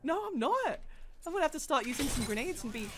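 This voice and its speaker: A woman giving excitable, frantic gameplay commentary, often breaking into laughs. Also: sits high, fast, slight background noise. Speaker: gaming video creator. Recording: gunfire and game sounds behind voice. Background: game gunfire and effects.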